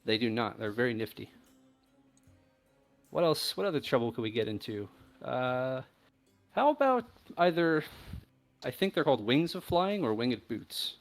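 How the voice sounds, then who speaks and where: A man's voice: mid-range voice, very animated, measured pace, long pauses. A man with a mid-range voice chats playfully at the gaming table, shopping for items and joking with the others. Light music plays behind him. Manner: chatty and playful. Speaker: player. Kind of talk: casual table talk in a tabletop game.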